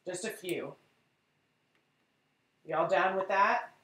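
A woman's voice: lowish voice, slow, a bit bright, roomy sound, poor audio. A woman teaching a live painting class, chatty and encouraging as she talks to her viewers. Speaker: art instructor.

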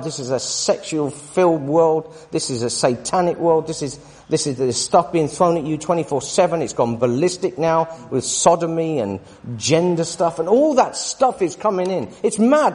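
Forties teacher, emphatic preaching, husky and high-pitched, echoing hall. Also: male voice, expressive, normal speed, few pauses, a little mellow. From United Kingdom. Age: 40s. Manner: emphatic, tag questions to listeners. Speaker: Bible teacher. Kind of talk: sermon-style Bible study. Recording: long reverb of a hall.

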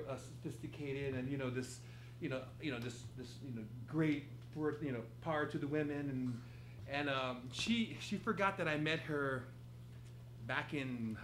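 A man telling a funny story on stage at a live improv theater, laughing and acting out quotes. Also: medium pitch. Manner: animated, laughing, acts out quotes. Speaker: guest storyteller. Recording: echoey theater with noise.

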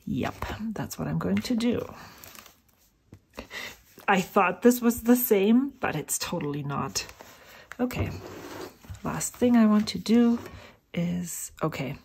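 A woman's voice: medium pitch, lively intonation, takes it slowly, gravelly, pauses often, a little mellow, a little hiss or hum. A middle-aged woman rambling casually about inks as she swatches at her desk at home, thinking aloud and sometimes dropping to a whisper. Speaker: fountain pen vlogger.

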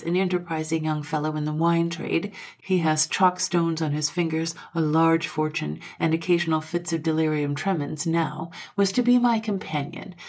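A woman narrating an old Victorian ghost story, in a measured storytelling manner with gentle lifts of emphasis. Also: sits low, breathy edge. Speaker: audiobook narrator.

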